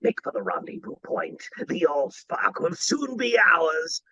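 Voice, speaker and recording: Starscream, a man doing a hushed British robot villain. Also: high-pitched, wildly swooping pitch, a little slow, slightly rough, pitched above the performer's own voice, heavily acted. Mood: menacing. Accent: light British. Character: sneering male robot villain, light British accent.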